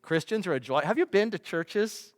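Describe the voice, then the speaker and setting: A man, a pastor, preaching a sermon with emphatic delivery, rhetorical questions and swings between loud and soft. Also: high voice, lively intonation, normal speed. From United States. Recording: long reverb of a large hall.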